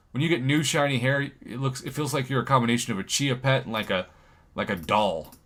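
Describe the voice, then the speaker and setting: Brief: male game streamer, middle pitch, bright tone, jokey and chatty live-stream banter. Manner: jokey, chatty, reads viewer comments aloud. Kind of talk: casual live-stream chat.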